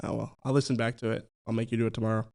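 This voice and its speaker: A man's voice: fairly low pitch, level tone, racing, creaky, darkish tone. A man co-hosting a sports podcast in casual chat. He is playful and teasing and laughs often. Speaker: podcast co-host.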